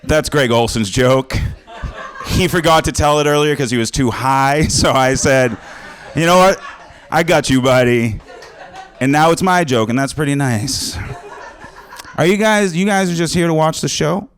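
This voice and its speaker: On a small cable access studio stage, a stand-up comic with a slightly high voice delivers a crude, rambling set at a moderate pace. He often laughs at his own jokes.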